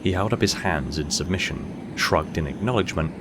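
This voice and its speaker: A man narrating an audiobook short story in a steady, measured storytelling manner. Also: low voice, very noisy.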